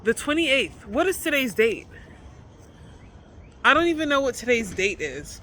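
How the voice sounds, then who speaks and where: A woman's voice: fairly high pitch, sing-song, a little slow, sharp tone, slight background noise. A woman vlogger talking to her camera from a car, venting candidly in an emphatic, repetitive way, with plenty of swearing.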